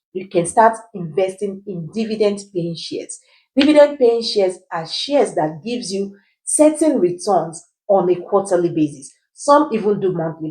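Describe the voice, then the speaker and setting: Woman, finance educator, lowish voice, rhetorical questions, keeps checking in with listeners. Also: dark tone, slight background noise, low-quality recording. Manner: teacherly, poses rhetorical questions and answers them. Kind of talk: explainer video.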